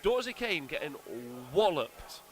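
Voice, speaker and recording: Bright-voiced joking male stream host. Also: high voice, very animated, normal speed. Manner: jokey, reads out chat messages. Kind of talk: casual stream chat.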